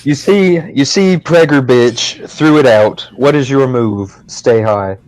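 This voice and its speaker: A man's voice: medium pitch, takes it slowly, darkish tone. A man hosting a casual podcast, asking questions in a crude, swearing, mock-exasperated way. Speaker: podcast host. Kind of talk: casual chat.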